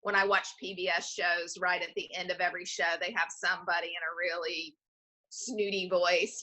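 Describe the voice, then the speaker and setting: Woman, nonprofit executive, interview guest. Bright, clear tone. Explains at length with an easy, conversational flow. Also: fairly low pitch, flat delivery, moderate pace. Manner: explanatory, often checks in with "right?". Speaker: foundation president and CEO, podcast guest.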